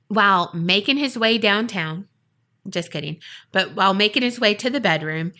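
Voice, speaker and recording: A woman hosting a podcast, casually telling a paranormal story and acting out the voices of the people in it. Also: mid-range voice. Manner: lively, acts out quoted voices. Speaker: podcast host.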